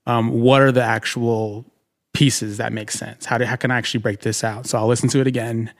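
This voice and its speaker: A man's voice: medium pitch, little pitch movement, a little fast. A man co-hosting a podcast, talking casually and rambling with lots of fillers while acting out his own thoughts. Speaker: podcast co-host and writer.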